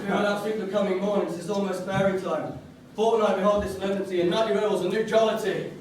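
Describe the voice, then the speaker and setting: A man's voice: sits high, fairly even intonation, fast talker, lightly acted. A man playing a wry, stately duke in a live stage Shakespeare production, speaking in a mock-grand way. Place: theatre stage, audience filming. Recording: echoey hall, mic far off, loud noise.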